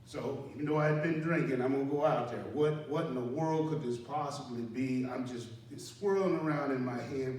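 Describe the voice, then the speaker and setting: Man telling a story in an echoey room. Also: medium pitch. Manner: conversational, self-deprecating, acts out panicked dialogue with sharp rises. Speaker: storyteller, former army sergeant. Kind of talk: live personal storytelling. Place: indoor room at a community center. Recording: very echoey room, mic far off, faint noise.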